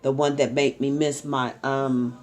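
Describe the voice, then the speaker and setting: A middle-aged woman vlogging at home, chatting to her followers in a rambling, story-telling way with ums and soft laughs. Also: very deep voice, little pitch movement, a little slow. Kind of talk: casual chat to camera.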